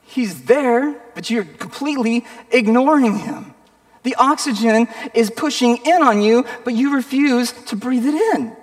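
A man preaching a sermon as a pastor, animated, acting out the voices of people at prayer. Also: extremely high pitch, unhurried. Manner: animated, acts out voices of petitioners. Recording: reverberant hall.

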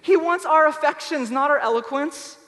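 A man preaching with a high, bright-pitched voice, leaning hard on key words and then dropping to near quiet. His voice rings out with a long echo, as if recorded in a large church hall. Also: normal speed. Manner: emphatic, swings from loud to soft. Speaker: pastor. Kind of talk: sermon.

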